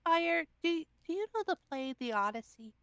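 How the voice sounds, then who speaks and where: Measured careful adventurer, as a woman player puts her on, high, dry. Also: expressive, a bit bright, no room sound, exaggerated voice. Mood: cautious. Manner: measured, reasoning. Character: calm cautious woman adventurer, Octavia.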